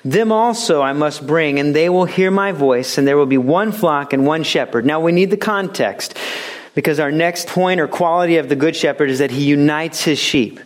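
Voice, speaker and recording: A man preaching a sermon as a pastor, animated and joking, sometimes putting on voices for the people he quotes. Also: fairly high pitch, normal speed.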